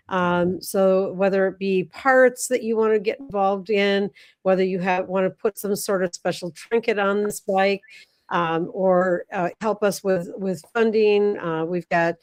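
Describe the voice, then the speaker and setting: A woman hosting a live online chat, speaking haltingly with many ums and restarts over a video call. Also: mid-range voice, darkish tone. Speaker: host.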